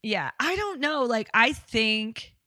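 A woman's voice: on the high side, lively intonation, slow, no room sound, clean studio sound. A woman co-hosting a podcast in casual chat, blunt and swearing freely. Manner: blunt and swearing, reacts loudly. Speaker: podcast co-host.

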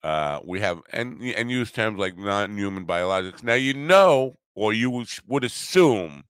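A man's voice: on the low side, expressive, a little slow, a bit bright, clear, resonant tone, dry recording. A man hosting a podcast, delivering a profane, sarcastic, opinionated monologue. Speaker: podcast host.

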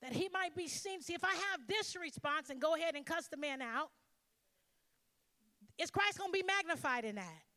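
A woman's voice: very high voice, expressive, moderate pace, bright, forceful tone, big-room sound. A woman pastor preaching a sermon, emphatic and calling out to her congregation for responses.

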